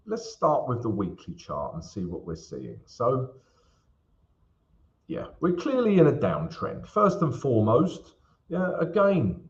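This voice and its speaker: A man hosting a live market analysis stream, chatting casually and calling his viewers guys and mate. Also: medium pitch. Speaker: trading livestream host. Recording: dull lo-fi stream audio.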